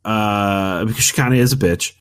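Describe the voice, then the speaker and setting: Guy on a gaming podcast, lowish voice, rambles and restarts a lot, pretty opinionated. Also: normal speed, fairly bright tone, clean tone. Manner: rambling, many restarts and fillers; opinionated, argumentative. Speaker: podcast co-host. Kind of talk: casual gaming chat.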